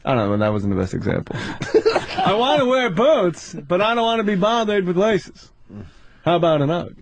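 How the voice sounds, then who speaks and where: A man on a radio show, joking around and slipping into quick mocking impressions. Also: sits high, big pitch swings, background noise. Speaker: comedian guest. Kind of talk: casual radio banter. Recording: radio studio.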